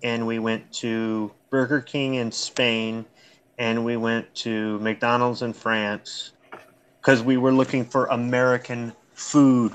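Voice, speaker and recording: A man's voice: medium pitch, flat delivery, takes it slowly, smooth. A man on a discussion panel, talking casually in a blunt, profane, joking way.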